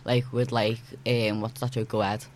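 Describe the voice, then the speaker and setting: A man's voice: medium pitch, flat delivery, moderate pace. A man in a casual group chat, talking emphatically and peppering his speech with "like". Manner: emphatic, filler-heavy with "like". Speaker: discussion participant.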